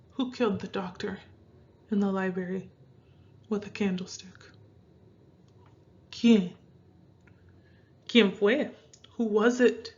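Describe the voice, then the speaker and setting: A woman giving a casual online lesson, chatty and repeating phrases slowly in two languages. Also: mid-range voice, muffled recording. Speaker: Spanish teacher.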